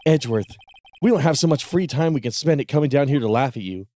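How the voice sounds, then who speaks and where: A man's voice: mid-range voice, animated, quick pace, darkish tone, lightly acted. A man voicing an earnest young male defense lawyer in a game, in a slightly raised voice.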